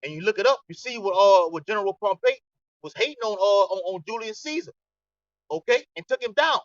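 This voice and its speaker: A man's voice: high-pitched, animated, brisk, no room sound. A man teaching a scripture study group in a preaching style. He ends many lines with "okay?" and often stammers and restarts. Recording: distant, dull lo-fi, dry.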